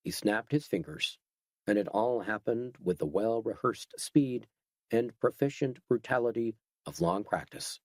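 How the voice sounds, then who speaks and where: A man giving steady, scripted narration of a horror audiobook. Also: on the low side, measured pace, dry recording.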